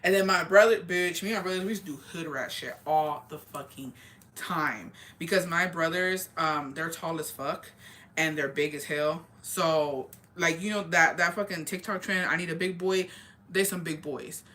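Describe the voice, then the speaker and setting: A young woman telling a story in casual chat, swearing constantly and talking in an animated way. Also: deep voice, normal speed. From rural area.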